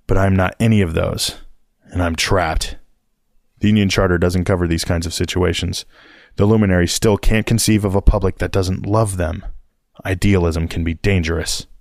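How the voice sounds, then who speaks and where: A man narrating a novel in the first person, with a measured, wry delivery. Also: low-pitched, gravelly, no room sound, studio quality. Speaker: audiobook narrator.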